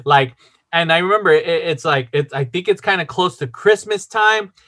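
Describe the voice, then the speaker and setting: A man's voice: a little high, normal speed, sharp tone. A man casually telling a long personal story, rambling with lots of fillers and swearing.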